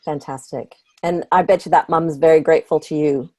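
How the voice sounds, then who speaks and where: A woman's voice: deep voice, steady tone, a little fast, warm tone, no echo. A woman hosting an online group call who thanks her guests and introduces the next speaker in an appreciative way. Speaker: host of the call.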